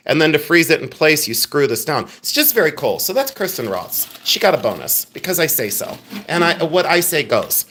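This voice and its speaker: A man's voice: fairly high pitch, very animated, brisk, hardly any pauses, fairly bright tone. A man hosting a live jewelry sale stream, chatty and joking as he rambles about each piece. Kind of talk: casual live-stream selling.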